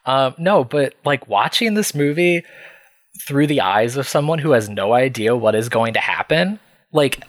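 A man shares an anecdote on a podcast in a loose, chatty way, with lots of fillers. His voice sits at a middle pitch, and the recording is very dry and close. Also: animated, measured pace, dry recording. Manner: chatty, laughs while telling, many fillers. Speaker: podcast guest. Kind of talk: casual storytelling.

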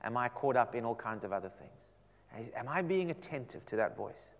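A man preaching a sermon to a seated congregation, swinging from loud emphasis down to a soft near-whisper. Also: medium pitch, lively intonation, normal speed. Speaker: pastor. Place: church sanctuary. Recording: long hall reverb.

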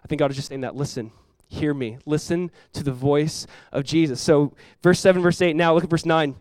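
Fast-talking casual young male preacher. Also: fairly high pitch, steady tone, a little mellow, dry recording. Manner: conversational preaching, peppered with "like", voicing Jesus and the disciples. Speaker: pastor. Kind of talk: sermon.

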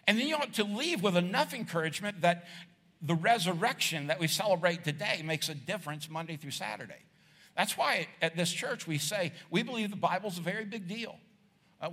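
A middle-aged man preaching a casual, jokey sermon to a church crowd, acting out voices as he goes. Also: sits high. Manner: animated, jokey, acts out voices. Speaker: pastor. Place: large church hall with audience. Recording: long hall reverb.

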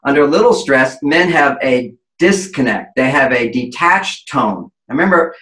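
A man's voice: medium pitch, lively intonation, normal speed, a bit bright, reverberant, rough recording. A man giving relationship advice as an interview guest, explaining in an emphatic, lecturing way and acting out quoted voices.

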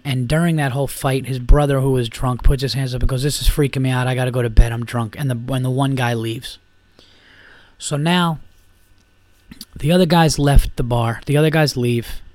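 This man's podcast bar story is loose and rambling, peppered with swearing, filler words and restarts. His medium-pitched voice is a little mellow, and the recording is dry.

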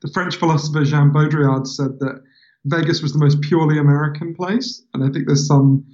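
A man from England with a London accent, a guest author in a casual interview, telling stories in an animated, chatty way and laughing often. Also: a little high, fairly quick, highs cut off. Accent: London English.

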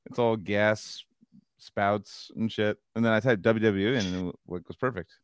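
A man's voice: fairly low pitch, normal speed, smooth, no room sound, clean studio sound. A man from California co-hosting a podcast, laid-back, laughing often and swearing a lot in casual chat. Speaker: podcast co-host. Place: podcast studio. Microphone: studio mic.

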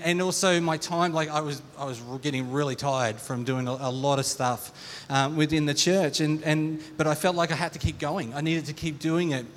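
A middle-aged man preaching a sermon as a personal testimony. He speaks earnestly and haltingly, often restarting and repeating words. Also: fairly high pitch. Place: church hall. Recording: long reverb from a church hall.

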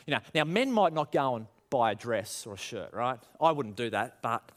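Male pastor, animated sermon delivery, rhetorical, acts out quotes. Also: mid-range voice, moderate pace.

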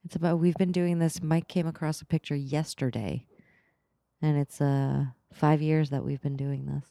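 A woman's voice: sits low, steady tone, moderate pace, vocal fry, mellow, dry recording, clean studio sound. A woman co-hosting a podcast in casual chat, laughing often and stumbling over names as she reads them. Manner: laughing, fumbling through names. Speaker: podcast co-host.

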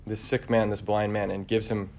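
A man preaching a conversational homily, relaxed and searching, with frequent fillers and restarts. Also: lowish voice, normal speed.

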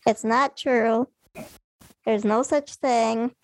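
A woman's voice: on the high side, steady tone, slow pace, no room sound, poor audio. A woman co-hosting a casual chat, talking in a blunt, matter-of-fact way.

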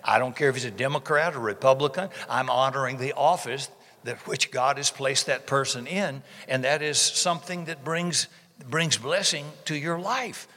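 A man's voice: medium pitch, normal speed, pushed and bright, big-room sound. A man preaching a sermon as pastor, folksy and emphatic, with phrases he repeats for stress. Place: church sanctuary.

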